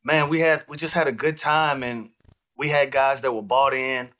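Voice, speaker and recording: A man as a guest on a basketball podcast, telling stories in a relaxed, animated way. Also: medium pitch, moderate pace. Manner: relaxed, animated storyteller, frequent fillers. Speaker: guest, retired basketball player. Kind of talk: casual interview storytelling.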